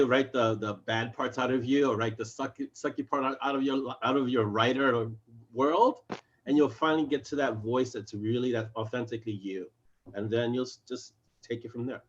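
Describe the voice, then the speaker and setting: A man's voice: medium pitch, normal speed. A man in a casual video-call interview, explaining his writing with real energy. His voice sits in an ordinary middle register, and he keeps slipping into his characters' lines. The call audio is muffled and lo-fi. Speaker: fantasy author, interview guest.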